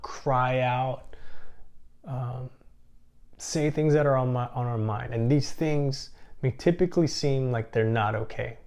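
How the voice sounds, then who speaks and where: A man's voice: medium pitch, gravelly, darkish tone. Male seminar speaker: earnest, reflective sermon delivery, mid-range voice, frequent restarts. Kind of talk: sermon-style talk.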